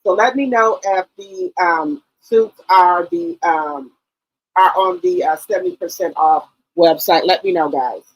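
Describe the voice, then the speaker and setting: A woman's voice: on the low side, a little slow, rough recording. A woman hosting a casual live stream, greeting viewers one by one and rambling loosely with many ums.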